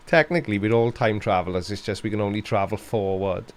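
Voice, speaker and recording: Wry low-voiced Welsh man. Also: normal speed, long pauses. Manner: dry, sarcastic humour with frequent laughs. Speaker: live-stream host answering chat questions. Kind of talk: casual live-stream Q&A.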